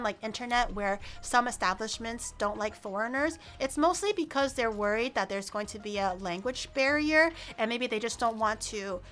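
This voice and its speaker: A young woman streamer telling a story in an animated, casual way, full of "like" fillers and acting out the people in it. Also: fairly high pitch. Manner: frequent "like" fillers.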